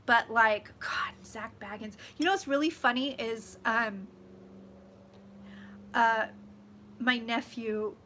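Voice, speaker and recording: A woman chatting casually with her viewers on a live stream, swearing freely and swinging loud and soft as she talks. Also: fairly high pitch, slow pace, long pauses, a little hiss or hum. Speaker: psychic vlogger hosting a live stream.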